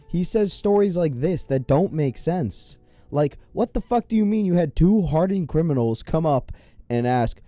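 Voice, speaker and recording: A man's voice: fairly high pitch, dark tone, dry recording. A young man hosting a reaction commentary video, sarcastic, profane and incredulous.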